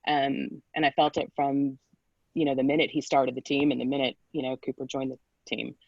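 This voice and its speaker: A woman speaks as a parent at a town hall, empathetic and grateful, with a medium-pitched voice. The sound is dry and close, with a dull, lo-fi tone. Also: little pitch movement, a little fast, creaky. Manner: warm, appreciative, empathetic.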